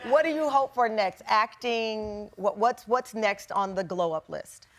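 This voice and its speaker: A woman with a Southern US accent hosting a studio talk show, encouraging and quick to laugh. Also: mid-range voice, a bit bright. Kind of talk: studio interview. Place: TV studio with live audience.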